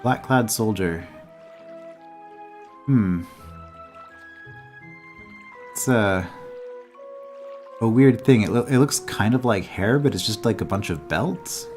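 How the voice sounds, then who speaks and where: A man's voice: fairly low pitch, lively intonation, slow, long pauses, darkish tone. A man playing through a game, reading its dialogue aloud and adding wry, chatty asides in casual commentary. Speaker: game let's-player. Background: game music.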